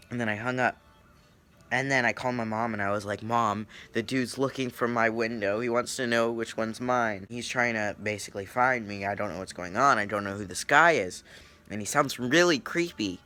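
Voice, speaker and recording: A man's voice: on the low side, a little fast. A young man, a YouTuber, telling a story to his viewers and acting out the people in it. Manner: animated, acts out voices in retelling. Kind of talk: story time vlog.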